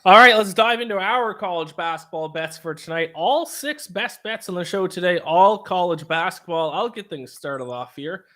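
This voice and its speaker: A man's voice: sits high, animated, moderate pace, few pauses, bright, forceful tone. A man hosting a sports betting podcast, chatting casually, leading the segments and asking his co-host questions.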